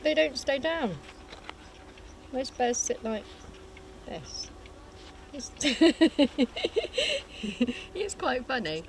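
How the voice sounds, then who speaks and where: Woman, live stream host, polite, giggly, fairly high voice, outdoors. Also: slight background noise. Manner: friendly and giggly, speaks politely and nicely. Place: outdoors at an airfield.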